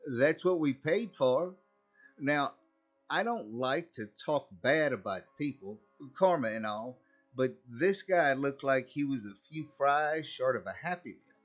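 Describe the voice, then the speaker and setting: A man's voice: medium pitch, lively intonation, unhurried. Man narrating a horror story, wry. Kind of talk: first-person horror story reading. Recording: slightly dull recording, faint music.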